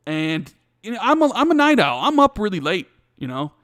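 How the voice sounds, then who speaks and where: A man co-hosting a casual gaming podcast, telling stories with lively acted-out dialogue and many restarts. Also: high voice, a little fast, dry recording. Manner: animated storytelling, acts out quoted dialogue. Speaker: podcast co-host. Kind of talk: casual chat.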